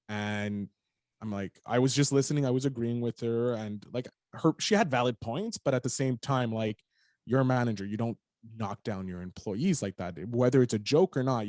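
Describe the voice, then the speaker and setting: Man, low voice, frank and animated, casual storytelling, dry sound. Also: no room sound. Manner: animated, frank, swears freely. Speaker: podcast guest.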